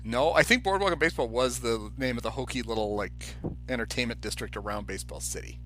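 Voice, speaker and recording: Over soft background music, a man co-hosting a podcast tells a story in casual chat, his mid-range voice moving at a quick pace. He's an animated anecdote teller who acts out the voices of the people he quotes.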